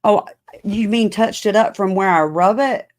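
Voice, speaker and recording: A middle-aged woman podcast host chats casually with viewers on a live stream, answering their comments with lots of fillers. Her voice is mid-range and a bit dark, at a normal speed.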